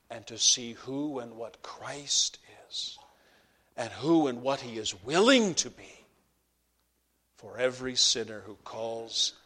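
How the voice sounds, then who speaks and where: Slow, dramatic male preacher. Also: medium pitch. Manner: dramatic swings from hushed whispers to loud fervent climaxes; slow deliberate phrasing with repeated cries. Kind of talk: sermon.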